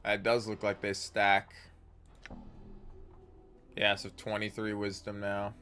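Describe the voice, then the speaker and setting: A man's voice: lowish voice, completely flat delivery, takes it slowly, pushed and bright. A man streaming a game live, chatting casually and reading the game's narration aloud with the odd stumble.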